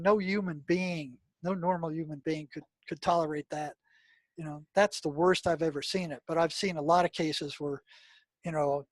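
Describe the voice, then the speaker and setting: Brief: older male interview guest, slightly high voice, dry close sound, emphatic with lots of fillers. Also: no room sound. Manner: emphatic storyteller, many "I mean" and "you know" fillers. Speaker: guest, retired mental health practitioner. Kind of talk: storytelling interview talk.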